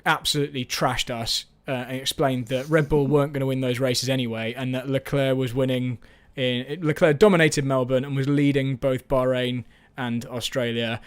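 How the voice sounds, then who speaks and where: A man's voice: mid-range voice, steady tone, moderate pace, few pauses, clean tone. A man hosting a casual live-stream chat, rambling and self-mocking, with frequent restarts. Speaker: host.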